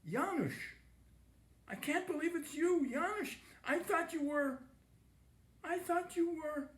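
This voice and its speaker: A man's voice: high-pitched, lively intonation, takes it slowly, creaky, fairly bright tone, reverberant, exaggerated voice. A man reading the lines of a distraught elderly father, choked up and pleading.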